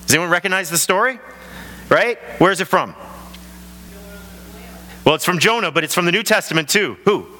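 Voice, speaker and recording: A man preaching a sermon as pastor of his church, telling the story in an animated way and acting out the voices. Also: sits high, fairly quick, long pauses, a little hiss or hum. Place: large church hall. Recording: long hall reverb.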